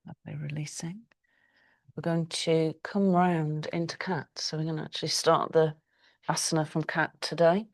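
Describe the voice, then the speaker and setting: A middle-aged woman teaching a yoga class, giving slow, calm breathing cues with long pauses. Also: sits low. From United Kingdom. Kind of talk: guided yoga class instruction.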